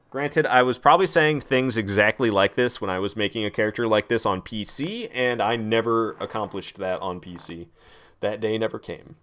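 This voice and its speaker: Chatty young male game streamer, low voice. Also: a bit bright. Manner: rambling, chatty, reads chat aloud. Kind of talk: casual gameplay stream chat.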